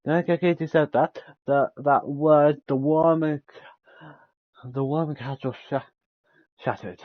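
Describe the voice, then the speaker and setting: A man's voice: fairly high pitch, fairly even intonation, measured pace, dry recording, phone-quality sound. A man streaming a game, reading its dialogue aloud, stumbling over words, restarting lines and laughing between them.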